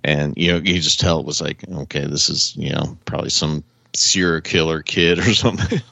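A man with a very low, deep voice tells a long, meandering story in a loose podcast chat, chuckling as he goes. The sound is dry and close. It comes through as dull, lo-fi call audio. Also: normal speed, creaky, no room sound. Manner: rambling animated storytelling with frequent chuckles. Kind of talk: casual chat. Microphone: remote call audio.

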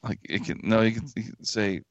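A man's voice: lowish voice, steady tone, fairly quick, no room sound. A man co-hosting a podcast in casual chat, loose and easily amazed, swearing freely. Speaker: podcast co-host. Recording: dull lo-fi dry recording.

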